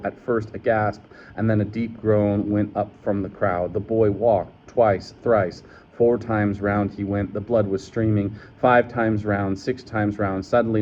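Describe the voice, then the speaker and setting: A man reading a novel aloud in a measured way, with occasional slips and restarts. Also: lowish voice, a little mellow, a little hiss or hum. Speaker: reader. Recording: dull lo-fi recording.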